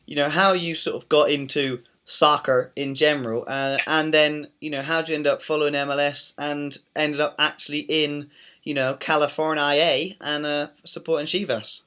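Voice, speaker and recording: Joking British podcast host. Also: male voice, on the high side, little pitch movement, moderate pace, sharp tone, clean tone. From Britain. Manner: jokey, teasing, rambling with restarts. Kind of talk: podcast banter and interviewing.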